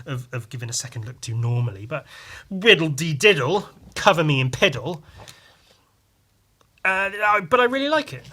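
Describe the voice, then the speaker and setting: Bright, higher-voiced man chatting casually. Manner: swears freely, animated retelling with exclamations. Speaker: podcast host. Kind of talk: casual comic review chat.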